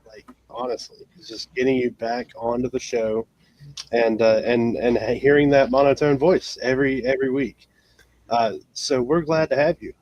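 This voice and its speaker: A man's voice: mid-range voice, fairly even intonation, moderate pace, darkish tone, highs cut off. A man hosting a casual live racing talk show, with many fillers and restarts. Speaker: podcast host.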